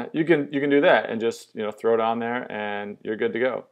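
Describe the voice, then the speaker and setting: In a relaxed product demo, a young man eagerly shows off an app, speaking in a loose, cheerful way scattered with filler words. His mid-range voice is steady and creaky, at a normal speed.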